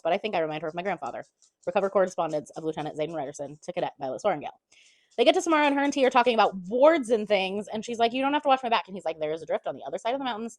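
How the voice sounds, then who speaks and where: A woman's voice: lowish voice, a little mellow, no echo. A woman giving a casual chapter-by-chapter book recap, chatty, throwing in blunt swearing asides and half-acting the characters' lines.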